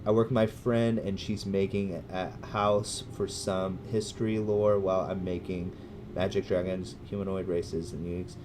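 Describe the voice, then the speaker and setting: A man with a Californian American accent chatting casually with his livestream viewers, rambling and hesitant with many restarts, breaking into loud cheerful greetings. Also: sits low, level tone, moderate pace, background noise. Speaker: gaming livestreamer.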